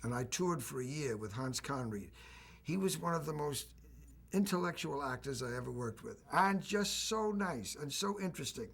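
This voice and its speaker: An older actor reminiscing in an interview, telling anecdotes with a raspy voice. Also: male voice, fairly high pitch, animated, normal speed. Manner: warm anecdotal storytelling with laughs. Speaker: actor recalling a film.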